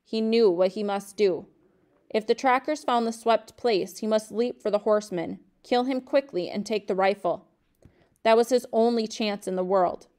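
Woman, teacher, reading a novel aloud, steady, measured pace, mid-range pitch.

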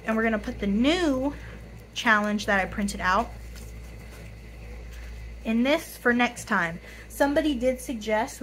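A young woman with a raspy voice, tired and hoarse, talks casually to her viewers in a slightly high voice. She apologizes often and counts out bills aloud, with faint noise behind her. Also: fairly bright tone, poor audio. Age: 20s. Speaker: budgeting YouTuber. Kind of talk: casual chat to camera.

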